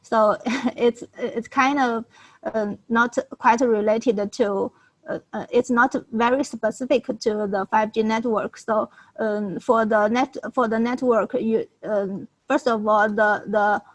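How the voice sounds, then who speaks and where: A woman's voice: a little high, steady tone, rough recording. Hesitant woman presenter, full of fillers. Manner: halting, many fillers and restarts. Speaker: challenge presenter. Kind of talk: live Q&A answering questions.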